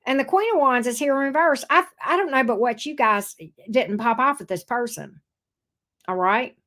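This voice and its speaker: A woman's voice: on the high side, normal speed, fairly bright tone. A woman giving a casual tarot reading, blunt and sassy, swearing freely. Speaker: tarot reader.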